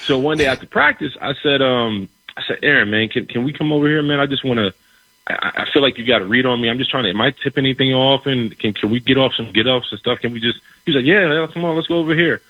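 A middle-aged man, a former football player, telling a locker-room story in a lively way, repeating words and acting out what others said. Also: medium pitch, fast talker, slightly rough, no room sound, highs cut off. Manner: animated, repeats words, acts out quoted dialogue. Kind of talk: casual storytelling.

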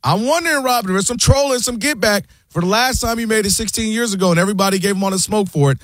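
A man hosting a sports debate show, talking in an animated, argumentative way. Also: sits high, fast, dry recording. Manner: animated, argumentative, quotes people in put-on voices. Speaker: sports talk show host.

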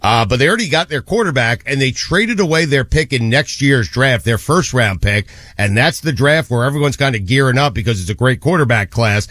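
A man's voice: medium pitch, lively intonation, a little fast, few pauses, a bit bright, no echo. A man hosting a sports radio show in a casual talk, drawling and dropping fillers as he goes.

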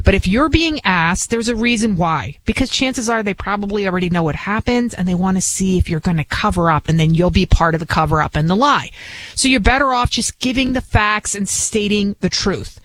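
A woman's voice: mid-range voice, expressive, a little fast, fairly bright tone, poor audio. Chatty Bronx-accented woman radio host. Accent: New York (Bronx). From Bronx, New York. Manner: chatty, emphatic, rambling with restarts. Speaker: radio talk show host. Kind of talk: casual talk radio monologue.

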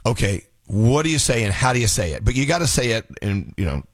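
Male radio host, lively husky voice, dry studio sound, playful banter. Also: mid-range voice, fast, no room sound. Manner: animated, joking, stammering restarts.

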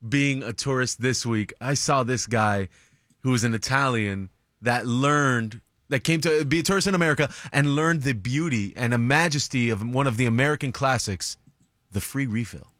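A man co-hosting a radio show, setting up clips with enthusiastic, animated chat. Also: medium pitch, normal speed, dry recording, clean studio sound. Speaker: radio co-host. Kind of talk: casual radio banter. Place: radio studio.

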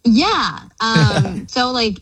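Hesitant young woman caller, higher voice. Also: sing-song, drawn-out words, a bit bright, slightly rough, no room sound, poor audio. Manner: hesitant, full of "like" fillers. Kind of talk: casual phone-in chat.

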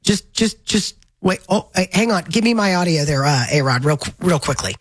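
A woman from Northern Florida hosting a talk radio show, chatting in a casual, opinionated way with lively exclamations. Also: on the low side, moderate pace, breathy edge, rough recording. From Northern Florida, USA. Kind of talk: casual on-air banter.

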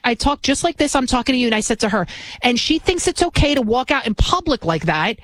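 A woman's voice: a little high, animated, fast talker. A woman in her forties, a talk radio host, delivering an indignant, ranting monologue into a studio microphone. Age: 40s.

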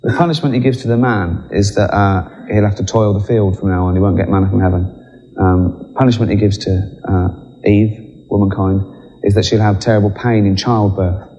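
A man's voice: on the low side, level tone, fairly quick, dark tone, highs cut off. A man doing stand-up comedy, with wry, chuckling asides. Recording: reverberant live venue with noise.

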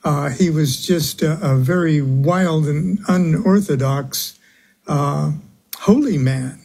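Husky, slow-talking male radio guest. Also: fairly high pitch, a little mellow. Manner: halting, many uhs, chuckles. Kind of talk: radio interview.

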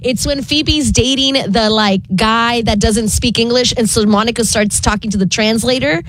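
A woman's voice: fairly high pitch, normal speed, fairly bright tone, a little hiss or hum, poor audio. A woman in casual chat, retelling a scene with quoted lines.

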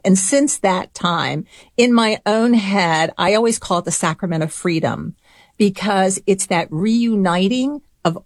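A woman's voice: fairly low pitch, no echo, clean studio sound. A middle-aged woman, a spiritual director, telling a personal story in a conversation, reflective and laughing often.

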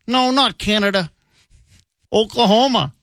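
A jokey friend character with a wobbly, ever-changing northern accent and a folksy "eh" tacked on, as a man puts him on in a radio ad. The voice sits high. The recording is dry and close. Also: measured pace, fairly bright tone, no room sound. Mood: goofy. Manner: folksy, tacks on "eh".

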